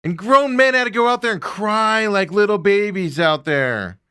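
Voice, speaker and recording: Middle-aged male sports host, opinionated and animated, fairly high bright voice, dry close sound. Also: normal speed, smooth, no echo. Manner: animated ranting, mocking impressions of players. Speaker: sports talk show host.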